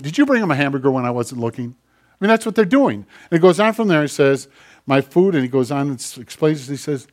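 A man preaching a sermon in a conversational way, putting questions to the congregation and swinging from loud exclamations to hushed, quiet lines. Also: medium pitch. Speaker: pastor.

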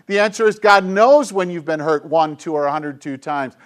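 A middle-aged male pastor preaching a sermon with an emphatic, repetitive cadence, dropping at times into soft, hushed tones. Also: a little high, moderate pace, few pauses. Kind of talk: sermon to a congregation with kids.

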